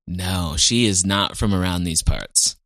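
A man's voice: deep voice, a little slow, bright, forceful tone, dry recording, studio quality. A man co-hosting a podcast, easygoing and thinking aloud in casual chat. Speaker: podcast co-host.

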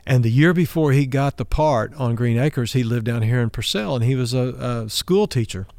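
A middle-aged man from Oklahoma delivers a sermon as a long personal story. He voices each speaker in his tale, lifting his pitch for the quoted lines. The recording is dry and close, and his voice sits at a middle pitch. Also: normal speed, creaky, darkish tone, dry recording. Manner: acts out dialogue in his stories, raising his voice for the quoted lines. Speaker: pastor.

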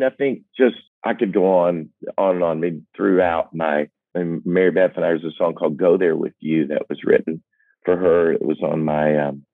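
An older man with a deep, low voice shares candid stories in an earnest, self-deprecating way, often stopping and restarting his thoughts. The sound is dry and narrow, like a phone line. He comes across as a singer-songwriter reflecting aloud. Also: gravelly, no room sound. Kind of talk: candid personal storytelling.

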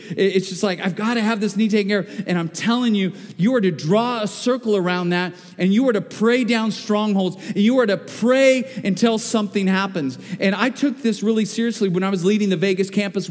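A man's voice: fairly high pitch, big-room sound. A man preaching a sermon as pastor, mixing family stories with emphatic, rising calls to persistent prayer. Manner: storytelling with emphatic, rising exhortations. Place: church sanctuary.

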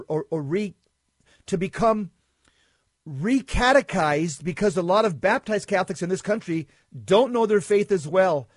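Emphatic high-voiced male host, dry sound. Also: no room sound. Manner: emphatic, leading questions. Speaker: interview host. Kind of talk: conversational interview.

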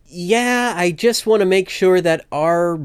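A man hosting a comedy podcast, talking in a wry, animated, jokey way. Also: sits high, takes it slowly, clear, resonant tone, dry recording, studio quality. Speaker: podcast host. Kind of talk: comedic casual chat.

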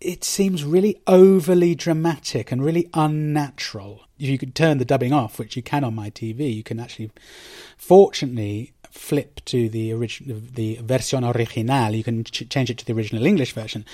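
A man's voice: medium pitch, brisk, mellow, no echo. Guy rambling casually on his podcast, wry and a bit exasperated, ums everywhere, dry close mic. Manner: chatty and rambling, with frequent ums and self-corrections; wry and emphatic, with mock outrage. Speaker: podcast host for Spanish learners. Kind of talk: casual opinion monologue.

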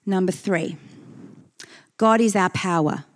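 A woman preaching with earnest emphasis, reading scripture aloud and repeating key phrases. She takes her time, letting each line land at an unhurried pace, her voice sitting in a mid range. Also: mid-range voice. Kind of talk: sermon.

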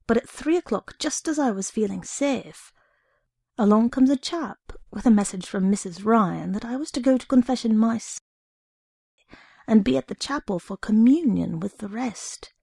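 A woman reading a short story aloud in an expressive first-person narration. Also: fairly high pitch, normal speed, vocal fry, breathy edge, no room sound, clean studio sound.

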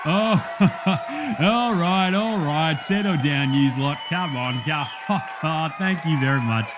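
A man's voice: on the high side, slow, a crowd in the background, noisy background. A man with an Australian accent, playing a brash, blokey male cooking show host in a comedy sketch, slangy and cheeky, laughing at his own jokes.

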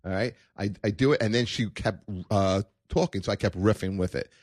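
A man's voice: on the low side, a little fast, darkish tone, no room sound, studio quality. A man telling a long rambling story about an audition in casual chat, restarting his sentences often. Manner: rambling anecdotes with many restarts. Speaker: podcast guest actor.

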